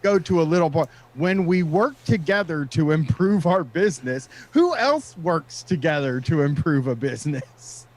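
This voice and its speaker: A man's voice: fairly high pitch, lively intonation, normal speed, hardly any pauses, darkish tone. A man co-hosting a casual talk show, reading out points and mocking them sarcastically. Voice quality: sarcastic, reads text and mocks it. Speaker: podcast co-host. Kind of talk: casual chat, reading aloud and commenting.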